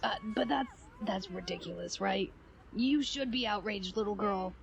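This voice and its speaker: A woman's voice: medium pitch, normal speed, gravelly, a little hiss or hum, lightly acted. A woman voicing a cranky old man in a tabletop game, blunt and indignant. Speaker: player. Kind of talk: tabletop role-play, in character.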